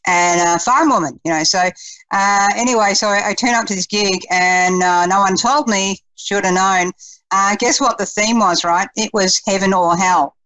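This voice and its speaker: A woman's voice: medium pitch, moderate pace, fairly bright tone, dry recording, poor audio. A woman, a psychic medium chatting on a radio talk show, with lots of fillers and laughter.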